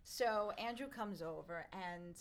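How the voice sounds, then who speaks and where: A woman's voice: medium pitch, takes it slowly. Laughing New woman telling stories. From Long Island, New York. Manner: animated storyteller, laughs often, acts out quotes. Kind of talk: casual chat.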